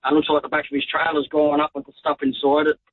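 A man's voice: fairly high pitch, monotone, fast talker, no room sound. An Australian man calling in to a radio show to report a traffic incident, speaking hesitantly with fillers. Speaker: radio caller. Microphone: phone. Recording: tinny phone line.

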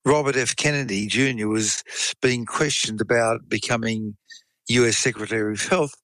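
Speaking at normal speed with a steady, slightly bright mid-range voice, a man chats through a science case story and voices the quoted lines of the people involved. The recording is low quality, with no room sound.

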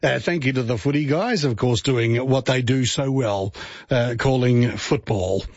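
An Australian man hosting a radio show, chatting casually with a slightly husky voice. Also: medium pitch, measured pace, no echo, muffled recording. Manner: chatty, joking, relaxed. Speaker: radio host. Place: radio studio. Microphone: studio mic.

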